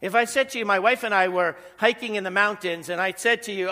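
A middle-aged male pastor preaching in a chatty way and asking the room questions. His voice sits high and rings bright and forceful. The sound carries the long reverb of a large hall. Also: brisk, few pauses. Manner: conversational preaching with rhetorical questions. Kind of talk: sermon.

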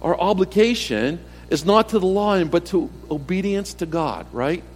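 A middle-aged pastor preaching a sermon in a conversational way, asking rhetorical questions and repeating key phrases, swinging between emphatic lines and soft, low ones. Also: male voice, animated, normal speed, soft background music. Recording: long hall reverb.

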